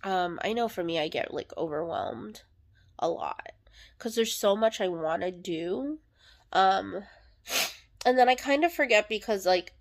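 A woman's voice: mid-range voice, vocal fry. Candid rambling young woman podcaster. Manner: rambling, filler-heavy, candid and emotional. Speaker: podcast host. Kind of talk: casual solo podcast monologue.

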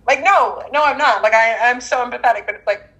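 A woman on a podcast mic in casual chat, telling stories in an animated, venting way. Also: on the high side, fast talker, slightly rough, low-quality recording.

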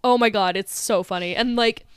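A woman's voice: on the high side, moderate pace, clean tone, dry recording, studio quality. A woman co-hosting a podcast, telling stories in casual chat with lots of fillers and laughter. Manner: animated storytelling with many fillers and laughs. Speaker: podcast co-host. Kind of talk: casual chat recapping a film.

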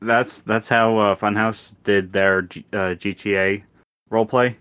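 A man's voice: on the low side, steady tone, fairly bright tone, smooth, no room sound, studio quality. A man co-hosting a gaming podcast, chatting casually and often restarting his sentences. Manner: halting, many restarts and fillers. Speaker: podcast co-host. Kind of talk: casual chat.

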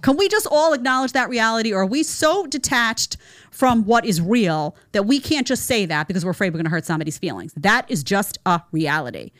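A woman hosts a reaction commentary show, her pitch swinging widely as she reacts with incredulity. She talks emphatically and sarcastically, calling her subjects "honey." Her voice sounds dry and close, with little room echo. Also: animated, brisk, a bit bright. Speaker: show host.

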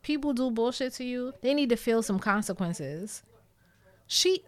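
A woman with a New York accent talking candidly to her viewers, blunt and emphatic, with plenty of swearing. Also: on the high side. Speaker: vlogger. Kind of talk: candid storytime talk to viewers.

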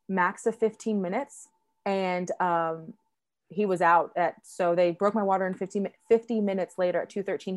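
A young woman telling a personal story in a loose, chatty way. She fills her talk with likes and ums and acts out what other people said. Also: mid-range voice. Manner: chatty, many fillers, acts out quoted voices. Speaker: guest sharing a birth story. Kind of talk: casual storytelling chat.

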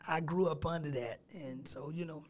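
Laid-back raspy pastor man. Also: a little high, fairly even intonation, moderate pace. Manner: laid-back, laughs easily, sings snatches of his songs. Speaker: pastor and gospel singer. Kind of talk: casual radio interview chat.

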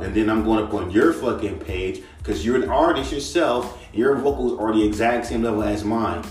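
A man's voice: lowish voice, normal speed, few pauses. A young man hosting a podcast, ranting casually and profanely about rap and imitating other rappers' flows. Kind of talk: casual solo rant. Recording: echoey room, mic at a distance, faint music.

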